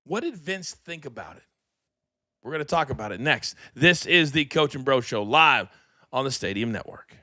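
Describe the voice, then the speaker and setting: A man hosting a live wrestling talk show, with a fast, energetic, promo-style delivery. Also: mid-range voice, dry recording, studio quality. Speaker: host. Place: studio.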